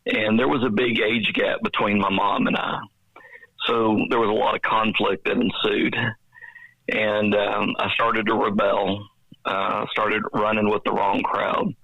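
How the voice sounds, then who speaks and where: Texan guy in his 50s telling his story on a podcast, low husky gravelly voice, kinda dull lo-fi sound. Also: level tone, measured pace, no room sound. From Dallas, Texas. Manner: earnest, reflective storyteller who acts out past dialogue. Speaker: guest, nonprofit executive director. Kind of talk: personal storytelling in a podcast interview.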